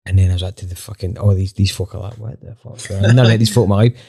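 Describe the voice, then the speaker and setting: A Scottish man, a band member on a podcast, telling a lively anecdote with plenty of swearing and acted-out dialogue. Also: deep voice, racing, gravelly, breathy edge. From Scotland. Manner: animated, swears freely, acts out quoted dialogue. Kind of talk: casual storytelling anecdote.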